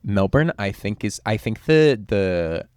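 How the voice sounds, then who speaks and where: A man from New Jersey hosting a podcast, talking casually, swearing freely and acting out people in quick bits. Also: fairly low pitch, lively intonation, a little mellow, smooth, no room sound, clean studio sound. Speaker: podcast host. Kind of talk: casual chat.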